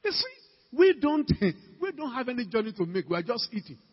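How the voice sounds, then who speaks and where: A man preaching in Ghanaian English, his husky voice sitting high as he calls out questions and builds to shouts. It sounds like a dull, lo-fi recording with a long reverb tail from a church hall. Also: sing-song, a little fast. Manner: emphatic, calls out to the congregation, rising to shouts. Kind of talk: sermon.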